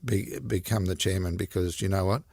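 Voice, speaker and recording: A man's voice: low voice, steady tone, a little fast, creaky, darkish tone, breathy edge, no echo, studio quality. A man, speaking as an interview guest in a frank, emphatic way. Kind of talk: conversational storytelling.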